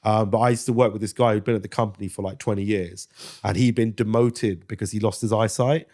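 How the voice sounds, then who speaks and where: A man's voice: fairly low pitch, fairly even intonation, fast, a little mellow. A man from Britain in his thirties, a guest on a casual podcast interview, telling stories animatedly, swearing freely and slipping into impressions. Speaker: guest actor and comedian.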